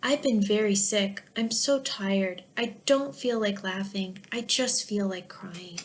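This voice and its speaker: A woman's voice: on the high side, a little hiss or hum, lightly acted. A woman doing a sick, tired little girl. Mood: weary. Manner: weak, quiet, slow.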